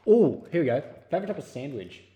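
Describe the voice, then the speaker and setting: A man's voice: on the high side, very animated, fast, warm tone. Guy, podcast co-host, laid-back chatter, roomy echo. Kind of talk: casual chat.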